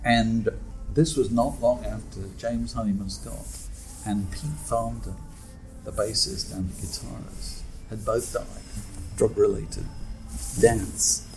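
A man's voice: lowish voice, steady tone, slow pace, soft background music, poor audio. A man, a guest in a pub chat, telling wry anecdotes and laughing easily. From Britain. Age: 60s. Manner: wry, storytelling, chuckles often. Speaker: guest author. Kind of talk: conversational anecdote.

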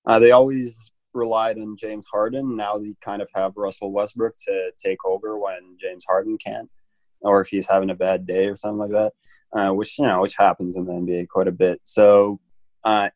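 Male panelist, lowish pitch, dry recording, hesitant. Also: a little mellow, no echo, low-quality recording. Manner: hesitant, fillers. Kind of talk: sports discussion panel.

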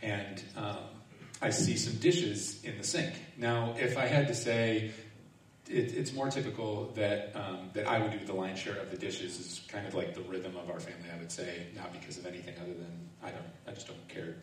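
A man preaching a sermon in a relaxed, self-mocking storytelling manner, often laughing as he speaks. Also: low voice, moderate pace. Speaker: pastor. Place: large echoing hall or sanctuary. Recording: echoey room, distant mic, faint noise.

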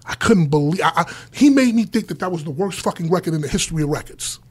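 A man's voice: a little high, fast talker, slightly rough. A man who worked in radio tells a story in casual chat, swearing freely and acting out the people in it. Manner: lively, profane, acts out voices while telling the story. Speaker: former radio DJ telling a story.

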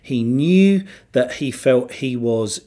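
A man hosting a podcast, introducing a bedside chat and gently asking questions from the foot of the bed. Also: mid-range voice, animated, slow. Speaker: podcast host. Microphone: microphone at the foot of the bed.

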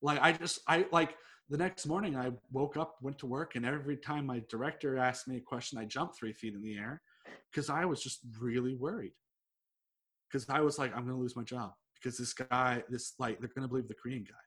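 A man's voice: medium pitch, fairly quick, fairly bright tone, breathy edge. A young man, chatting casually and telling a long story, rambling with lots of "like" and swearing freely. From United States. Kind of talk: casual chat.

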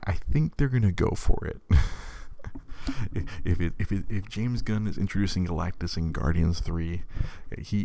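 Deep, gravelly man chatting casually. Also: darkish tone, a little hiss or hum. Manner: rambling, with many stammered restarts and frequent laughs. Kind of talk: casual chat.

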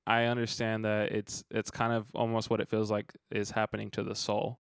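Earnest low-voiced man reading scripture. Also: completely flat delivery, moderate pace, vocal fry, clean tone, no room sound, studio quality. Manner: earnest, reflective, with frequent fillers. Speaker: podcast co-host. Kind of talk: casual chat, reading scripture aloud.

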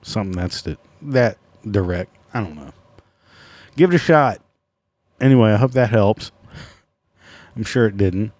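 A man hosts his own podcast alone and rants in a loose, profane way, mocking his listeners and himself. His voice sits low and sounds mellow rather than bright. The recording is dry, with little room sound. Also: lively intonation, unhurried, pauses often, dry recording. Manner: profane, sarcastic, self-mocking. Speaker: podcast host. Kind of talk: casual solo podcast rant.

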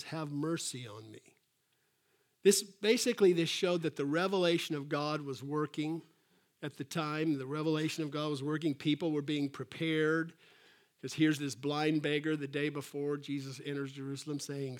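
A man preaching with an animated delivery and a slightly high-pitched voice. He acts out quotes in a raised voice, then drops to soft, quiet asides. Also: moderate pace. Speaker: pastor. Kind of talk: sermon.

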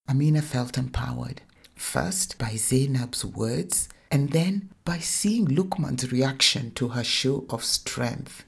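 Very low, husky woman reading a story. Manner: calm, measured narration. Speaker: story narrator.

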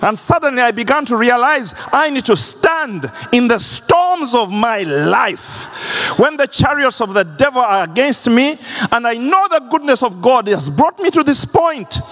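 A man preaching a sermon as pastor, impassioned and swinging between high and low registers. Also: sing-song, unhurried, a bit bright. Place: large church hall. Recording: long church reverb.

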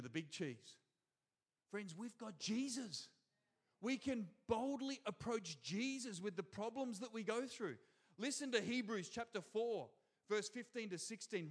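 An Australian man preaches in a high, bright register with lively energy. He keeps calling out to the congregation from the front of a church hall. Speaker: pastor. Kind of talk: sermon.

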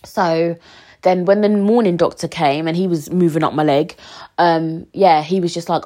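A woman's voice: fairly low pitch, steady tone, normal speed, dark tone. A young woman, telling a story frankly to her viewers, full of fillers and swearing. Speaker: vlogger.

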